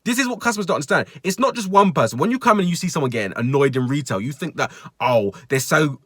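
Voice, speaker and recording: A man's voice: on the high side, expressive, quick pace, fairly bright tone, dry recording, studio quality. A young man telling a retail story in an exasperated, sweary rant, quoting customers in mocking voices. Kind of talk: ranting storytime vlog.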